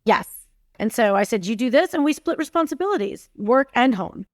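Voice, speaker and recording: As a podcast guest, this forty-something woman, a tech company CEO, tells candid stories with emphasis, acting out the quoted exchanges. Her voice leans high with lively intonation, and she speaks fairly quickly. Studio-quality sound, no echo.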